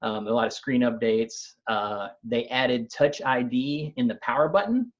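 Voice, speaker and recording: A man, a company's technical chief, explaining new gadgets in a relaxed conversational way, with frequent fillers and restarts. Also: medium pitch, measured pace, lo-fi sound. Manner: thoughtful, many fillers and restarts. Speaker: company CTO explaining tech news.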